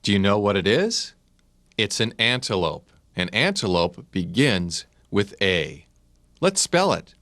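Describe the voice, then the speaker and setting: A man doing scripted narration for young children, speaking in a slow, sing-song, encouraging way and spelling words out letter by letter. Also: on the low side, very animated, a bit bright, no echo, clean studio sound.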